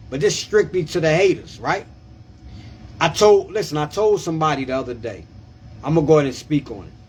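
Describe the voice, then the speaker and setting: A man's voice: a little high, a little hiss or hum. A man who works as a tax preparer, talking casually on a livestream, emphatic and repetitive, often asking whether listeners understand. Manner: emphatic, repeats himself and asks "you understand?". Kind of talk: casual live-stream talk.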